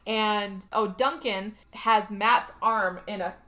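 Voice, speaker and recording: A woman's voice: medium pitch, steady tone, takes it slowly, bright, forceful tone. A woman co-hosting a podcast, animatedly retelling a movie plot and acting out the characters' lines. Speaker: podcast co-host recapping a movie. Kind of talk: casual chat.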